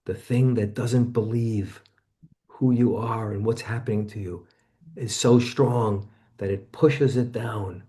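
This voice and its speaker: A man's voice: steady tone, slow pace, dark tone. A man in his seventies, a guest in an interview, recounting personal experiences in a reflective, conversational way. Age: 70s. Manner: personal storytelling, acts out remembered voices with sudden jumps in pitch.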